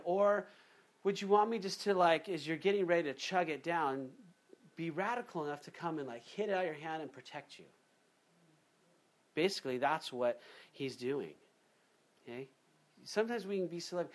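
A man preaching a sermon in a conversational, animated way, acting out little quotes as he goes. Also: on the high side, moderate pace. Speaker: pastor.

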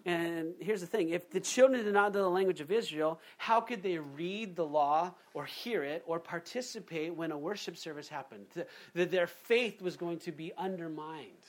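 A man preaching a sermon in a conversational, animated way, acting out little quotes as he goes. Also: a little high, moderate pace, few pauses. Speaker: pastor.

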